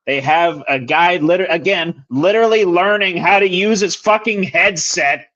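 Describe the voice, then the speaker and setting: A man's voice: high voice, moderate pace, sharp tone, dull audio. A young man co-hosting a sports podcast, bluntly breaking down a football game in casual chat. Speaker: podcast co-host.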